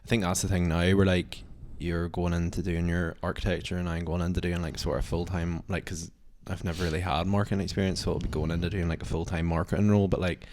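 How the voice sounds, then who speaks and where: A young man with a deep, low voice, co-hosting a podcast among friends. He talks in long, rambling runs, packing his sentences with "like" as he goes. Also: little pitch movement, fast talker, hardly any pauses, a little mellow, slight background noise. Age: young adult. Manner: rambling, heavy use of "like". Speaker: podcast co-host. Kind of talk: casual chat.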